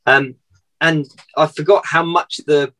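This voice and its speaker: A man hosting an interview, speaking in a measured, thoughtful way with fillers. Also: a little high, fairly even intonation, a bit bright, poor audio. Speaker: interviewer host. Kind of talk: casual interview.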